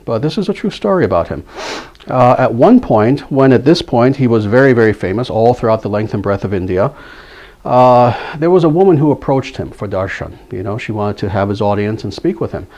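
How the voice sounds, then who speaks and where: A man's voice: mid-range voice, animated, a little fast, darkish tone. A man giving a spiritual lecture, earnest, telling a story and repeating key phrases for emphasis. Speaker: spiritual teacher.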